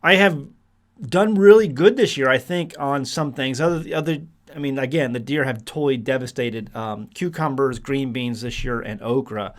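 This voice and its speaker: A man's voice: medium pitch, normal speed. A man casually talking to the camera about his homestead, rambling along with restarts, fillers and frequent chuckles. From United States. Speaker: homesteading vlogger.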